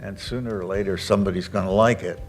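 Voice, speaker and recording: A man answering questions casually and reflectively, relaxed, with chuckles and thoughtful pauses. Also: sits low, soft background music. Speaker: award honoree.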